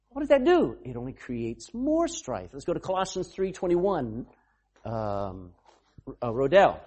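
Male pastor mid-sermon, husky voice, pitch rising and falling freely, quizzes the room. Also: wildly swooping pitch, unhurried. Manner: calls on readers and questions the congregation; bursts into shouting for emphasis.

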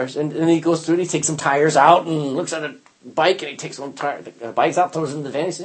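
Older man, Bible teacher, chatty and animated, pitch swinging widely as he tells stories. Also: a little fast. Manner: animated storyteller, acts out quotes, frequent restarts. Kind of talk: informal Bible lesson.

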